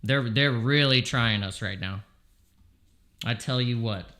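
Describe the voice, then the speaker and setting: In a sharp-toned, mid-range voice at a measured pace, a man gives live commentary on his crypto trades, streaming from home. Anxious throughout, he keeps pleading with the market.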